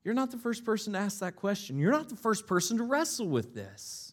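Male pastor, higher-pitched voice, emphatic sermon delivery with rhetorical questions. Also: sing-song, fairly quick. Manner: emphatic, rhetorical questions, repeats key lines.

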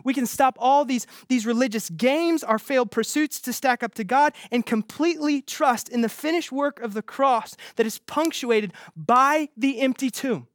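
A man preaching an earnest, emphatic sermon as pastor, with quick restarts. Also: very high voice, a bit bright, no echo, studio quality.

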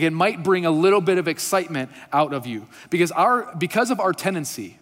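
A man's voice: on the high side, big-room sound. A man preaching a sermon in a casual, conversational way, with light humor, and reading scripture aloud. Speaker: pastor.

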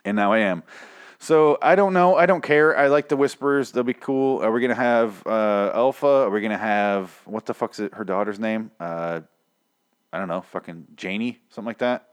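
A man hosting a casual show, rambling and swearing with exasperation, his voice hoarse and nearly shot. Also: mid-range voice, normal speed. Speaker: podcast host. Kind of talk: casual rant about a TV show.

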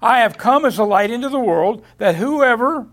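A man's voice: very high-pitched, lively intonation, a bit bright. A man teaching a Bible lesson, reading verses aloud and often restarting his phrases. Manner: halting, repeats words, reads scripture aloud. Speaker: preacher. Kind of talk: Bible study sermon.

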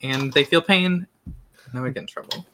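Bright-voiced tabletop player. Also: mid-range voice, normal speed, poor audio. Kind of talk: tabletop role-play.

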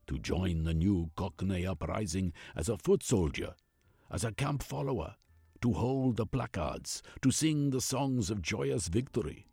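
Brief: fervent correspondent, declamatory, lively rise and fall, a man reading him. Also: low voice, husky, no echo, studio quality, heavily acted. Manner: rousing, declamatory. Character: fervent male newspaper correspondent, rousing.

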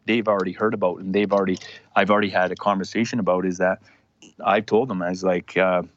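This podcast guest, a former hockey player in his thirties, speaks at a quick pace in a low, fairly bright voice with little pitch movement. His casual interview chat rambles, full of restarts and fillers. The sound is dull and lo-fi with faint background noise.

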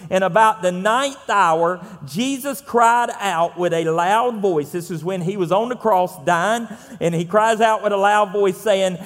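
A man's voice: high-pitched, in a large hall. A man with a Southern US accent preaching a sermon as pastor, talking in a conversational, folksy way with frequent fillers.

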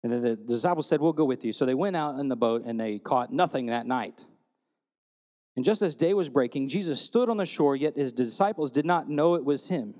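A male pastor preaches a sermon, telling stories and retelling scripture in a lively storytelling manner. His mid-range voice is brisk, and the sound carries a big-room quality.

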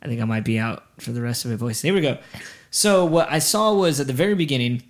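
A man co-hosting a podcast, chatting casually in an excitable way, telling stories and laughing often. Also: mid-range voice, quick pace, a little hiss or hum. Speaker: podcast co-host. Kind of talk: casual chat.

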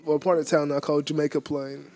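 A man in his sixties telling funny everyday anecdotes in a relaxed, casual chat, laughing often as he talks. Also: fairly high pitch, fast talker. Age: 60s. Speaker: guest telling stories. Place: lives in a Boston neighborhood.

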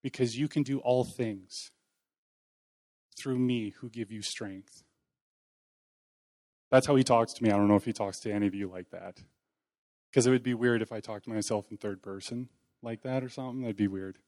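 A man's voice: lowish voice, normal speed, long pauses, darkish tone. A man preaching an informal sermon in a church hall, talking in a conversational, folksy way with self-deprecating humor. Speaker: lay preacher.

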